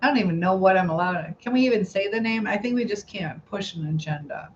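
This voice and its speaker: This middle-aged woman talks fast at a medium pitch, chatting and giggling as she hosts a casual live stream and reads viewer comments. Faint background noise sits under a slightly dull, lo-fi recording.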